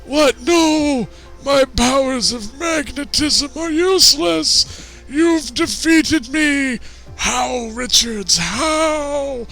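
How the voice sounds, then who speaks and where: A man voicing a pompous, ranting old male cartoon supervillain in a high, strained, melodramatic voice. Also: gravelly, sharp tone, soft background music, exaggerated voice. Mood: dismayed. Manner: melodramatic, drawn-out wailing.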